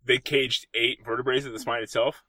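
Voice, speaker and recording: A man's voice: medium pitch, level tone, a little fast, sharp tone, no room sound. A man hosting a casual interview who reacts and asks short follow-up questions. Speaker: host.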